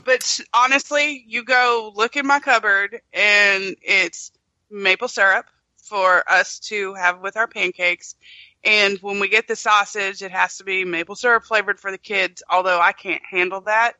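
A woman's voice: mid-range voice, steady tone, unhurried, bright, forceful tone, dry recording, dull audio. A woman from the northern United States near Canada, chatting casually on a podcast in an emphatic way, swearing and laughing often. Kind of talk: casual chat.

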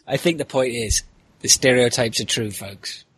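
A man's voice: medium pitch, normal speed, fairly bright tone, breathy edge, no echo. A man hosting a podcast, chatting casually and telling a long rambling story with plenty of asides. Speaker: podcast host. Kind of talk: casual chat.

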